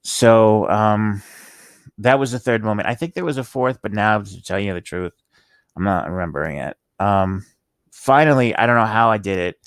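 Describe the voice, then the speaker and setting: A man with a very low voice and slurred speech talks through an emotional personal story. He stumbles and restarts often, pausing mid-sentence. The recording is dry and close, with no room echo. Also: clear, resonant tone. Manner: halting, rambling, with many restarts and pauses. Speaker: vlogger telling his life story.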